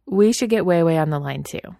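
A woman's voice: lowish voice, expressive, fairly quick, vocal fry, mellow, no room sound, clean studio sound. A woman playing a smug teasing teen girl. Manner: teasing, bossy.

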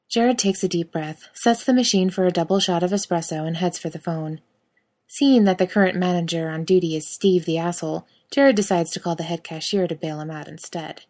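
A woman's voice: lowish voice, fairly even intonation, brisk, a little mellow. A woman narrating a scripted story in a wry, sardonic manner.

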